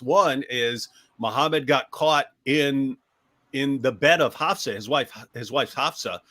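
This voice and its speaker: A man hosting a critical commentary talk, animated and sarcastic, acting out the people he quotes. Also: mid-range voice.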